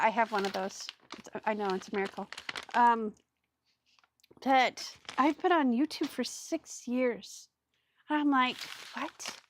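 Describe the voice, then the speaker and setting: A woman with a fairly high voice hosts a live crafting stream, chatting loosely and rambling with viewers and greeting them as she works. A little hiss or hum is audible.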